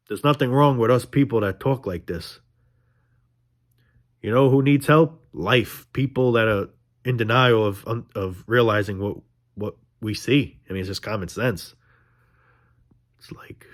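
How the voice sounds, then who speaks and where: A young man talks straight to camera in a rambling, frustrated rant. His voice sits low, and he swears freely and circles back on his own points. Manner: frustrated, ranting, profane, rambling. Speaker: vlogger. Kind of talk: casual monologue to camera.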